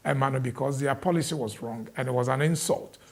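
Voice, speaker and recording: Gravelly Ghanaian man explaining the rules. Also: medium pitch, fairly quick. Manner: explanatory, mixing English legal terms into Twi. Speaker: immigration adviser. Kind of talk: explaining to an interviewer.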